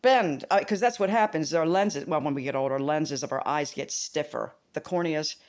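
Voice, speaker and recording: Woman, casual vlogger; loose, rambling, profane, quick to laugh, with wide pitch jumps. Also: a little mellow. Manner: rambling, swearing, laughing, big pitch swings.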